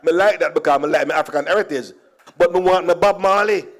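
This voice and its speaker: A man's voice: a little high, quick pace. A middle-aged Jamaican man with a Jamaican accent, giving a comic storytelling speech at a conference and slipping between Creole and standard English while chuckling at his own jokes. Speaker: conference speaker.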